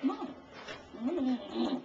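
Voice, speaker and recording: Brief: swearing, lecturing woman, animated, higher voice, distant and muffled over voice chat. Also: extremely slow, creaky. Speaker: voice chat participant. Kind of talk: profane angry rant. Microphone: computer mic in voice chat. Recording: distant, dull lo-fi voice chat audio with faint hiss.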